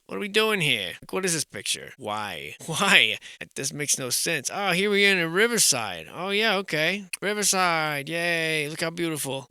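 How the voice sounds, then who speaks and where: Sarcastic, animated man. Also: fairly high pitch, smooth, dry recording, studio quality. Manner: sarcastic, incredulous, swearing, animated asides. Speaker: commentary channel host. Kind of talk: casual commentary over historic photos.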